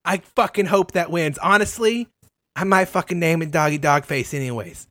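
A player in an improvised tabletop role-play game who talks in a lively, laughing way and swears often. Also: medium pitch, moderate pace, no echo.

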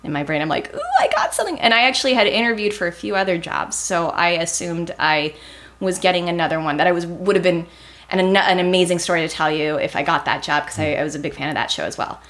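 A woman's voice: lowish voice, fast. A young woman, a TV writer, chatting in an interview and acting out the people in her stories. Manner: animated, acts out quotes in a raised voice. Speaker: TV writer guest. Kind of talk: casual interview storytelling.

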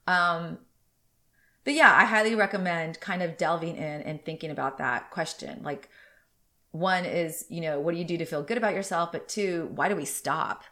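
A woman's voice: lowish voice, normal speed, sharp tone. A woman in her thirties hosting a podcast alone, chatting in a rambling, candid way and sounding a little congested. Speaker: podcast host. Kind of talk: casual solo podcast chat.

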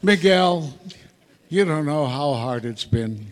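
A man's voice: a little high, lively intonation, takes it slowly, a little hiss or hum. An older man telling rambling anecdotes with wry asides to a live audience as a guest speaker. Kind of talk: storytelling Q&A before an audience. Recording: echoey hall, live audience talk.

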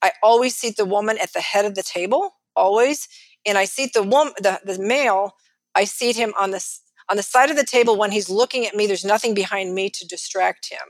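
A middle-aged financial advisor with a Texan accent, telling stories lively in an interview and acting out the people she quotes. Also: mid-range voice, brisk, no room sound. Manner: animated, acts out quotes of others. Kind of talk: storytelling in a podcast interview.

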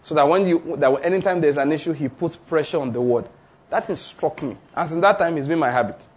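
A man preaching a sermon. He teaches emphatically, slowing down on key phrases and repeating declarations. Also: fairly high pitch, slightly rough. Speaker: pastor.

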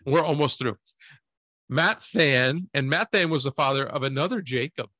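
Man cohosting a faith podcast, bright voice, joking around, dry close mic. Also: medium pitch, normal speed, dry recording. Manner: joking, playful, mispronounces names. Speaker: podcast co-host. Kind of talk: casual chat.

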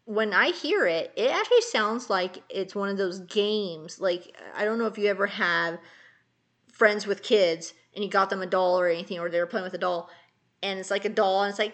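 A woman's voice: mid-range voice, moderate pace. A woman co-hosting a casual chat, retelling a story in a rambling way full of fillers. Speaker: podcast co-host.

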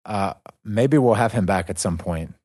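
Upbeat low-voiced male podcast host. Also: moderate pace, a little mellow. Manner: upbeat, friendly, easygoing. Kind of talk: casual podcast chat.

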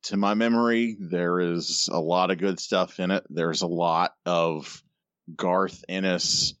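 A man with a very low voice co-hosts a comics podcast, sardonic and quick to swear. The sound is dry and close, with no room around it. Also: fairly even intonation, a bit bright, no echo, lo-fi sound. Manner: profane, sardonic, exasperated griping. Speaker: podcast co-host. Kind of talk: casual chat.

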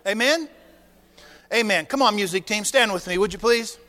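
A man's voice: high voice, normal speed, in a large hall. A man preaching a sermon as pastor, acting out little dialogues and throwing questions at the congregation. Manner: animated preaching with acted dialogue and rhetorical questions. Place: church sanctuary.

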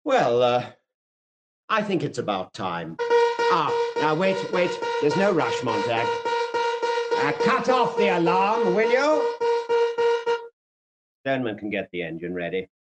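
An actor playing a smooth, mocking fire captain in a vintage radio drama, taunting a younger fireman with quotations. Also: fairly high pitch, wildly swooping pitch, takes it slowly, pauses often, heavily acted, low-quality recording. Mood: brisk. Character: silky, mocking male fire captain who loves quotations.

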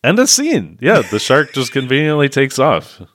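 A man co-hosting a podcast, recapping a movie in a sarcastic, animated way. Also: mid-range voice, normal speed, dry recording. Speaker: podcast co-host. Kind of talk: casual movie review chat.

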